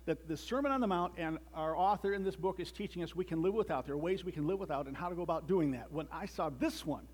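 A man's voice: on the high side, fast, hardly any pauses, husky. A man giving a conversational sermon with joking asides and frequent restarts, reading a children's story aloud as part of it.

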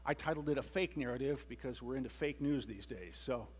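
A man's voice: medium pitch, fairly quick, breathy edge. A man giving a conversational sermon with joking asides and frequent restarts, reading a children's story aloud as part of it.

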